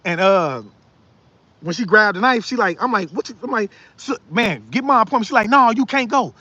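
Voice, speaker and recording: A man's voice: high-pitched, a little fast, dry recording. Young guy, storytelling to his viewers, acts out everyone's lines, dull dry audio. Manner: animated, acts out other people's lines. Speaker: spiritual storyteller.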